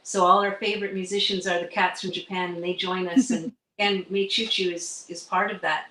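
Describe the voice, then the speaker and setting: A woman's voice: lowish voice, fairly even intonation, a little fast, sharp tone, roomy sound, rough recording. A middle-aged woman from Canada, a musician guest chatting casually and rambling with many fillers. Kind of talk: casual livestream chat.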